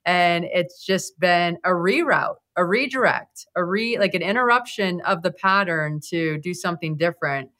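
Chatty lady podcast host, bright voice, lots of likes and rights. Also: lowish voice, moderate pace, few pauses. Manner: chatty, talks with her hands in quotes and many "like"s. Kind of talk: conversational interview.

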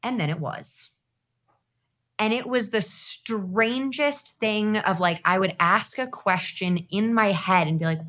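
A woman guest on a podcast, telling a personal story in a casual, animated way and acting out her own past thoughts. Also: mid-range voice, takes it slowly.

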